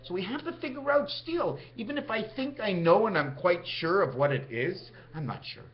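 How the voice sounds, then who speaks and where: Rambling high-voiced man, lo-fi recording. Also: lively intonation, normal speed. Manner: rambling, jumps between topics, wide pitch swings. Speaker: vlogger. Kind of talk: rambling monologue.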